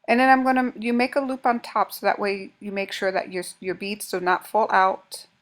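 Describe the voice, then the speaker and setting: A woman's voice: mid-range voice, little pitch movement, normal speed. A woman with a mid-range voice walks through a craft project step by step. She talks casually while working with her hands, often breaking off and restarting her sentences. Her delivery is informal and practical, like a home tutorial.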